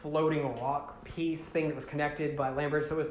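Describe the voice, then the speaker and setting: A man casually retells a long story, rambling with filler words and tossing in jokes and swearing. His voice sits slightly high. The room echoes, and a faint hiss runs underneath. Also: level tone, moderate pace. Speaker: host.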